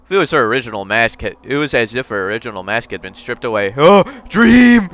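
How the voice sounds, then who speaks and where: A man's voice: lowish voice, fast talker, sharp tone, dry recording. A young man playing through a game on video, reading its text aloud with jokey asides. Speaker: gamer. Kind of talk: let's play commentary and text reading.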